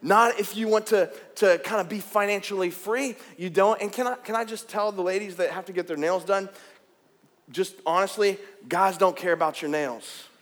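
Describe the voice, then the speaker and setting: A man preaching a sermon, animated and joking as he calls out to the congregation. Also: sits high, normal speed. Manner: animated, jokey, calls out to the crowd. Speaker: pastor. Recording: long hall reverb.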